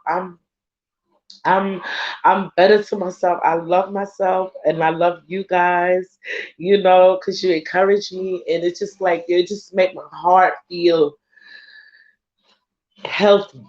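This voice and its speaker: A woman's voice: on the low side, steady tone, a little slow, a little mellow. A woman in a casual, heartfelt talk to her followers as a spiritual vlogger. She is emotional and effusive, laughs often, and swears casually. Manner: laughs often, with a loose conversational rhythm. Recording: slightly dull lo-fi recording.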